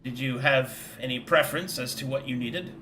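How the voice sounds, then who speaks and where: A man's voice: medium pitch, normal speed, bright, forceful tone, a little hiss or hum, lightly acted, poor audio. A man voicing a formal, stiffly polite male gnome guild leader in a tabletop game.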